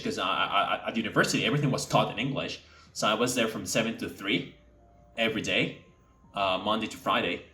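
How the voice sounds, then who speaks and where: Young male English teacher from Mexico, throat-placed bright voice, casual to-camera chat, echoey room. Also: lowish voice. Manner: speaks from the throat to sound native-like.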